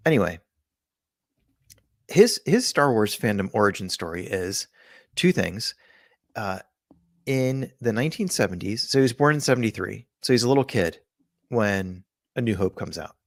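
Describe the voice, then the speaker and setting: A man's voice: fairly low pitch, expressive, moderate pace, long pauses, dry recording, studio quality. A man co-hosting a podcast in casual chat, telling stories in a rambling, jokey way. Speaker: podcast co-host.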